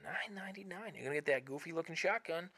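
A man's voice: fairly high pitch, quick pace. Chatty man doing game commentary. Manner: chatty, self-mocking, swings from mumbling to loud frustrated outbursts. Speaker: gaming channel host. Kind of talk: casual gameplay commentary. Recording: noisy background.

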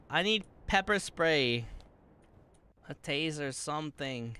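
A man's voice: on the high side, expressive, takes it slowly, sharp tone, clean tone. A man streaming a horror game, jumpy and panicky, swearing often as he plays. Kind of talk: horror game livestream commentary.

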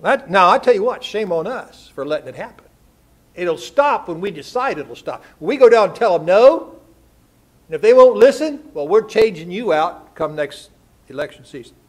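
An older man preaching in a church, his voice sitting notably high for a man. He talks in a folksy, storytelling way, tossing rhetorical questions at the congregation. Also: lively intonation, normal speed. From United States. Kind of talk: sermon. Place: church sanctuary.

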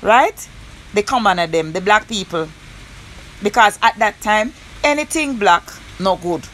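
Jamaican woman going off on a rant, scolding, slips into patois, mid-pitched voice. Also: moderate pace, fairly bright tone, slight background noise. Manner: scolding, mixes patois into her speech. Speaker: online commentator. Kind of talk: casual rant.

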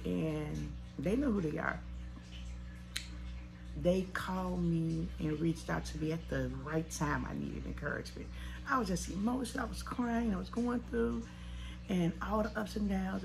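Mom vlogger in her forties, low gravelly voice, heartfelt and teary, noisy phone-style recording. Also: a little mellow. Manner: tearful, heartfelt, chatty. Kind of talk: emotional vlog.

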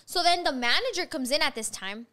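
A woman hosting a podcast, telling a story in a fast, profane, animated casual chat. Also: high-pitched. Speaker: podcast host.

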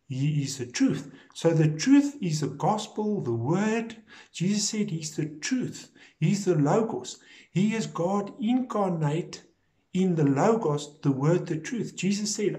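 A man preaching a recorded sermon episode, slow and deliberate, stressing key words and repeating phrases for emphasis. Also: fairly high pitch, lively intonation, warm tone.

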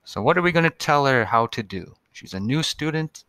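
A man's voice: fairly high pitch, animated, fairly quick, sharp tone, clear, resonant tone, dry recording. A male teacher giving a recorded lesson to young students, patient and spelling out words one by one.

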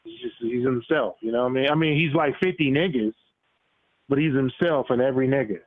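A man calling into a show, telling his take in an animated way and laughing through his lines over a phone line. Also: medium pitch, brisk. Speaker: caller. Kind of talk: casual call-in chat. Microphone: phone call.

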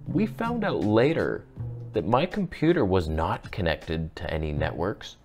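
Faint music plays behind this man as he tells a story a little slowly for his casual vlog. The camera YouTuber is animated and voices what people said with big pitch leaps.

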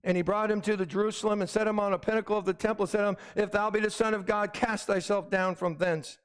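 A man's voice: sits high, steady tone, fast, smooth, long reverb tail. A man preaching a sermon as pastor, emphatic, often calling out "Amen?" to the congregation. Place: church sanctuary.

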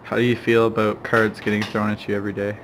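A man's voice: lowish voice, monotone, quick pace, background noise. A man talking casually to a handheld camera in a vlog, playful and joking. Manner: playful, joking, hums and sings silly sounds. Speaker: vlogger.

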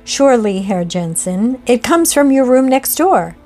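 A woman's voice: on the high side, very animated, a little slow, darkish tone, soft background music, pitched above the performer's own voice. A woman reading aloud, voicing a nervous but eager male guest at an inn. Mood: uneasy.

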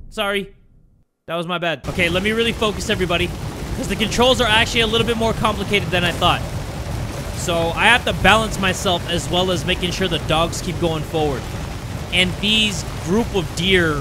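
A young man giving let's play commentary on a horror game, joking around and yelling in excitable panic. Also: sits high, background noise. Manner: excitable, jokey, yells in panic. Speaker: gaming YouTuber.

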